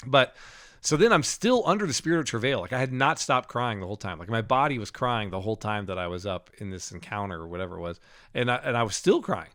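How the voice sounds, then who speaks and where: A middle-aged man on a podcast, telling a personal story in casual talk, with frequent laughs and halting restarts. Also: fairly low pitch, animated, a bit bright. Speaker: podcast co-host.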